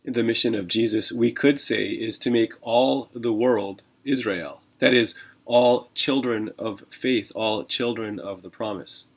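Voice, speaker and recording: This man, a pastor, runs a Bible reading podcast where he discusses scripture animatedly and conversationally, often asking rhetorical questions. His mid-range voice has a breathy edge, and though unhurried, he barely pauses.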